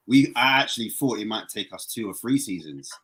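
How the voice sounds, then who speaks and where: Guy ranting about footy, husky, gets loud and high when fired up. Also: brisk. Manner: animated, excitable, pitch jumps way up when worked up. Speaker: fan guest. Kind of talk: casual fan chat.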